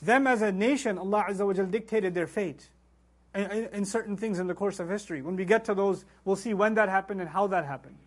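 A man giving an animated religious lecture on scripture, asking rhetorical questions and quoting Arabic verses as he teaches. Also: sits high, fast talker. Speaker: Quran teacher.

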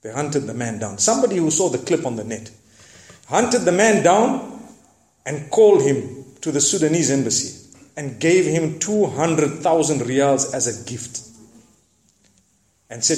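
Guy giving a sermon story, animated and dramatic, roomy echo. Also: a little high, measured pace, pauses often. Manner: animated, dramatic retelling with lively asides. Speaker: preacher.

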